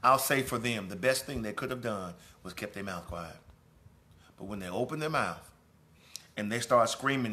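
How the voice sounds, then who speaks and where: A man's voice: on the low side, animated, normal speed, pushed and bright. A male pastor teaching a Bible lesson in a preaching style, with emphatic repetition and conversational asides. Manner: preaching with emphatic repetition, swelling and dropping in volume.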